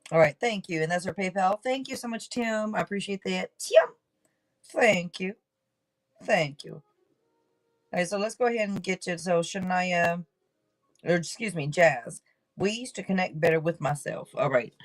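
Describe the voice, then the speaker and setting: A woman hosting a live tarot reading stream, talking in an excitable, rambling way and swearing casually. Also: on the low side, normal speed, low-quality recording.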